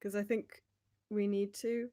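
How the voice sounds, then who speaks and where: A woman's voice: mid-range voice, flat delivery, measured pace, dark tone. Young woman, livestream host, rambling casual chat, frequent laughs. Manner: chatty, rambling, laughs often.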